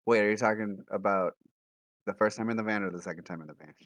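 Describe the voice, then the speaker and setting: Playful low-voiced man at the game table. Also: fast talker, a bit bright, dry recording. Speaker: player. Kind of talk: tabletop role-play chat.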